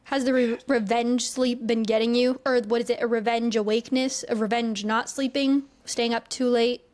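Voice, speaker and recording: A woman in her late twenties co-hosting a podcast, chiming in with quick, teasing reactions in casual chat. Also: on the high side, little pitch movement, darkish tone. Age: late 20s. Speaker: podcast co-host.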